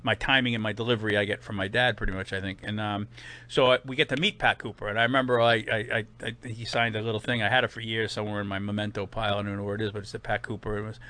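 A man's voice: on the low side, rapid-fire. A man in his fifties with a Boston accent, a comedian telling rambling stories full of fillers in an interview. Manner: rambling, animated anecdotes with many fillers. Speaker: guest comedian. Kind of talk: casual storytelling interview.

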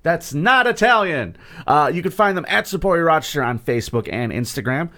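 A man's voice: fairly high pitch, animated, fast, fairly bright tone. A man co-hosting a comedy podcast, chatting casually, teasing his co-host and reading sponsor spots. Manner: teasing, joking banter. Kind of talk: casual chat and sponsor reads.

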